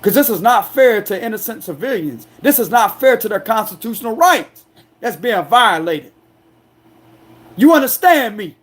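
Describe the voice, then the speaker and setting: Forceful, defiant man ranting. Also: high voice, animated, normal speed. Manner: defiant, confrontational, repeats "you understand me"; loud, forceful, aggressive delivery. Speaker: astrology tarot reader. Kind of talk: angry ranting monologue.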